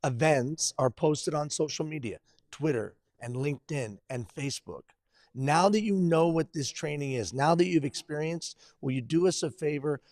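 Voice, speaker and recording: A man's voice: a little high, moderate pace, darkish tone, no echo. Upbeat male webcast host. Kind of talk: live webcast hosting.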